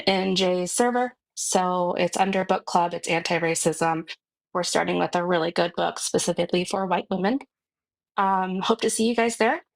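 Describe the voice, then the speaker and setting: A woman calls in to a live stream and speaks in an earnest way. She pauses now and then with a hesitant um as she finds her words. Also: medium pitch, rough recording. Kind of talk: casual chat.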